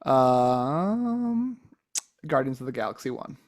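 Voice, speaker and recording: A man's voice: medium pitch, big pitch swings, slow pace, a little mellow. A man co-hosting a casual chat, hesitant and sighing over his choices. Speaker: podcast co-host.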